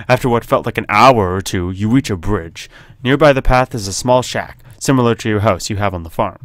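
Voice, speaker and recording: A man's voice: lowish voice, normal speed, no room sound, studio quality. A man hosting a gaming video, reading a horror text game aloud and making jokey asides, often laughing.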